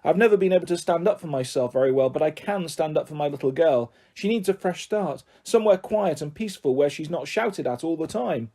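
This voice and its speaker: A man's voice: a little high, animated, brisk, hardly any pauses, warm tone. A man voicing a timid young mother who speaks in a hesitant, shaky way.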